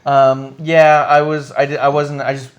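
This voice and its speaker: A man's voice: medium pitch, moderate pace. A man co-hosting a casual wrestling podcast, swearing freely and acting out what wrestlers and referees said. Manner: profane, animated, acts out quotes. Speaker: podcast co-host.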